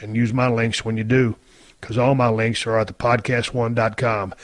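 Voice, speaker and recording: A man's voice: medium pitch, no room sound. A middle-aged man, hosting a podcast in a folksy, rambling way and swearing casually. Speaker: podcast host. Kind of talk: casual podcast talk and ad reads.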